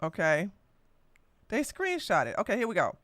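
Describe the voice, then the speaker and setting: A woman's voice: mid-range voice, huge pitch swings, normal speed, fairly bright tone, dry recording. A woman hosting a livestreamed political commentary podcast, talking in a combative, mocking way with frequent laughter. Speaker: podcast host.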